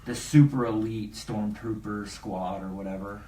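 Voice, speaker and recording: A man's voice: lowish voice, fairly even intonation, unhurried, warm tone. Guy rambling happily about comics, laughs a lot, echoey room, bit of hiss. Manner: eager, rambling, laughs often. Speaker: podcast co-host. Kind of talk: casual chat about comics. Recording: roomy, distant mic, faint noise.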